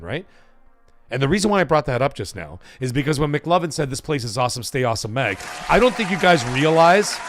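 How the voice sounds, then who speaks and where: A middle-aged man hosting a gaming live stream, talking casually in a profane, animated rant. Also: a little high, dry recording. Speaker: gaming channel host.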